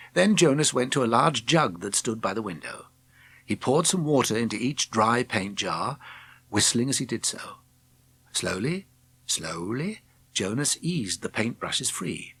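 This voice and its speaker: A man narrating a children's storybook with expressive, gentle storytelling. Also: lowish voice, slightly rough. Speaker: audiobook narrator.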